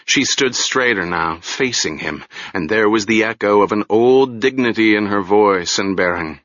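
A man narrating a story as an audiobook reader, in a slow, expressive storytelling style. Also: lowish voice, no room sound, muffled recording.

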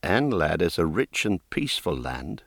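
A man voicing an earnest young male prince who speaks in a formal, measured way. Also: low voice, very animated, gravelly, no echo, clean studio sound, full character voice. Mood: thoughtful.

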